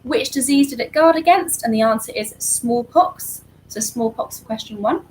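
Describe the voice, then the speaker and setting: A woman co-hosting an online charity quiz, reading answers briskly and lightly. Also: fairly high pitch, darkish tone, low-quality recording. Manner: brisk, light, laughs easily. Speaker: quiz co-host.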